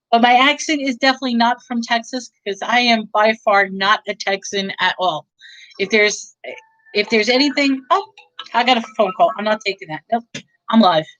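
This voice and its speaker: A woman's voice: fairly high pitch, fairly bright tone, dry recording, muffled recording. A woman hosting a live stream, chatting casually and rambling with restarts.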